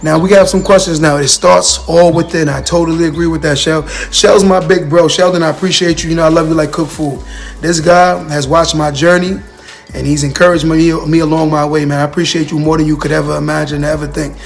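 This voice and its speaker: Gravelly-voiced man giving live motivational talk. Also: a little high, fairly even intonation, fairly quick, faint music behind. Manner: earnest, repetitive, addresses viewers and comments directly. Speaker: motivational speaker on a livestream.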